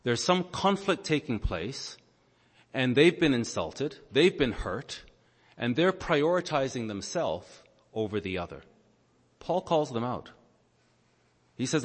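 A man's voice: mid-range voice, sing-song, slightly rough. A man preaching a sermon, stopping to explain the grammar of a Bible passage in a teacherly way. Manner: teacherly, explains Greek grammar, pauses on words. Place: church or large meeting hall. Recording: long echo in a large hall.

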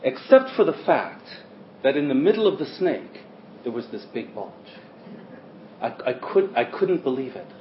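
A male preacher delivers a sermon with a lively, rising and falling pitch, punching key words and then dropping to near-murmurs. He sits at a middle pitch for a man. The recording is roomy and echoey, a little dull and lo-fi, with a faint hiss underneath. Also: moderate pace. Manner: emphatic, swings between loud stresses and quiet asides.

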